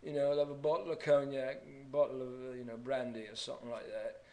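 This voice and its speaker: A man's voice: medium pitch, level tone, quick pace, darkish tone, natural voice, rough recording. A man doing an impression of a famous older rock singer with an English Midlands accent, rambling and mumbling.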